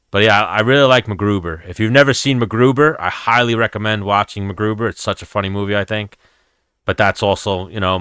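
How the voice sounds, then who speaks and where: A man's voice: fairly low pitch, bright, forceful tone, smooth, no room sound, clean studio sound. A young man hosting a livestream, chatting loosely and rambling with a lot of profanity. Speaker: livestream host. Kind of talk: casual chat with live chat.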